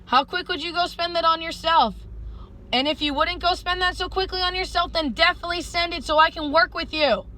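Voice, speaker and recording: A woman's voice: very high-pitched, fairly quick, bright, forceful tone, poor audio. A woman vlogger talking straight to camera in an earnest, pleading, stream-of-consciousness monologue about spirit and feelings. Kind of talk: rambling spiritual vlog monologue.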